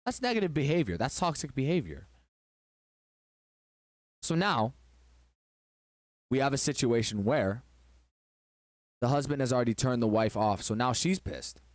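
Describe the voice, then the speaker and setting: Guy preaching about relationships, lively swooping delivery, dry close sound. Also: mid-range voice, unhurried, long pauses, dry recording. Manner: emphatic, preachy storytelling. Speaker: relationship advice host. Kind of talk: relationship advice monologue.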